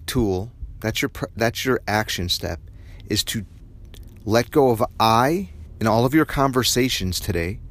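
A man's voice: mid-range voice, fairly bright tone. A man hosting a podcast, giving an earnest, reflective spiritual self-help tip. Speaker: podcast host.

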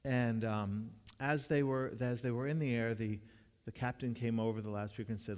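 A man delivers a sermon in a relaxed, conversational way, his mid-range voice carrying a long reverb from a large church hall. He tells his stories earnestly and often restarts or repeats a word before going on. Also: mid-range voice, moderate pace. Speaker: pastor.

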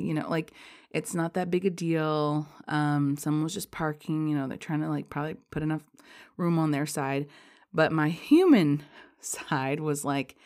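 A woman's voice: deep voice, moderate pace, darkish tone. A heavily pregnant woman hosting a spiritual podcast, talking casually and rambling with many fillers and frequent laughs. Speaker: podcast host.

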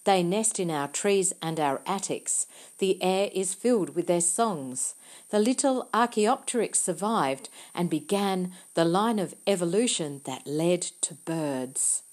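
A woman's voice: lowish voice, lively intonation, measured pace, a little mellow. A woman reading an audiobook, voicing an earnest young girl who explains things with intense, insistent eagerness. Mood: earnest, eager. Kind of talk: audiobook character voice.

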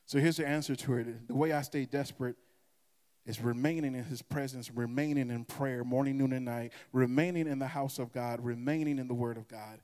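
A man's voice: medium pitch, fairly even intonation, fairly quick, a little mellow. A male pastor preaching a sermon in an impassioned, emphatic way. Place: church sanctuary. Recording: echoey church hall.

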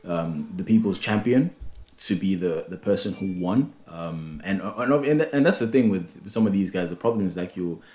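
Rambling young man, low voice. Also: moderate pace, a little mellow. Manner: loose, rambling, many fillers and restarts. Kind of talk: casual chat.

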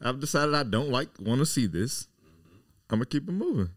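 A man's voice: mid-range voice, sing-song, normal speed, no echo, clean studio sound. A man, a podcast guest in casual chat, wry and teasing.

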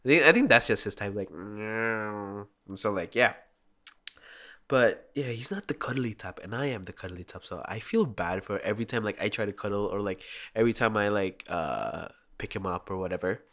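A man's voice: on the low side, animated, a little fast, sharp tone. A young man chatting casually and rambling, with lots of "like" and frequent laughter. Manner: rambling, heavy use of "like", laughs often.

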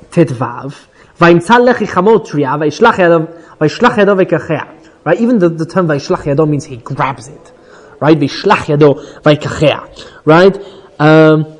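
A man teaching an informal Bible class, retelling the story with energy, quoting Hebrew verses and checking in with "right?" as he goes. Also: on the high side. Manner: animated storytelling, quotes Hebrew verses then paraphrases, frequent "right?".

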